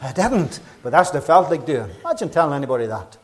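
A middle-aged man with a Northern Irish accent preaching a gospel sermon, fervent and urgent, rising loud then dropping low. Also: very animated, fast. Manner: fervent, urgent preaching with rises and quiet drops.

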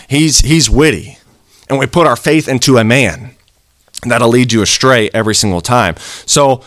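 A man's voice: mid-range voice, fairly bright tone, no echo, studio quality. A man preaching a sermon in an earnest, conversational way, acting out little quoted exchanges.

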